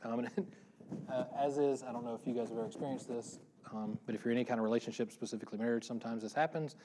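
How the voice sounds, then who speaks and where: A middle-aged man preaches a relaxed, conversational sermon. He talks fast and breaks off into self-deprecating jokes before getting back on track. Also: mid-range voice, background noise. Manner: fast-talking, self-deprecating, joking asides. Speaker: pastor.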